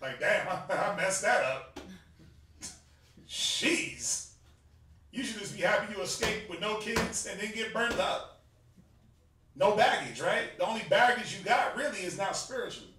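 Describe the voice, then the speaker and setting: A Southern US man with a fairly high voice teaches a religious class in a loose, joking, conversational way. He laughs often and drops into slang. He is picked up from across a very echoey room by a distant mic, with faint hiss behind him. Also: big pitch swings, moderate pace, pushed and bright. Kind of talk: casual sermon-style class teaching.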